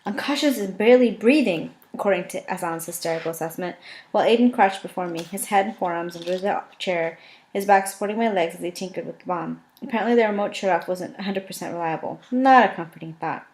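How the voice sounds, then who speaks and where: A woman's voice: lowish voice, fast talker, a little mellow. A woman reading a first-person novel aloud in a casual, unpolished way, correcting her own slips as she goes. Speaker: audiobook reader.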